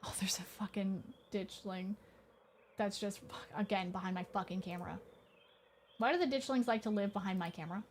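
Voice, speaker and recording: Streaming a horror game, this woman talks a little fast in a mid-range voice, with slight background noise behind her. She keeps up chatty let's-play commentary that rambles and is packed with swearing.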